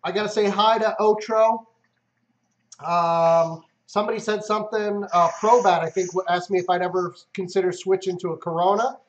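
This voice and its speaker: A man's voice: high voice, steady tone, normal speed. A man hosting a casual livestream, reading out and answering viewer comments. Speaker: livestream host.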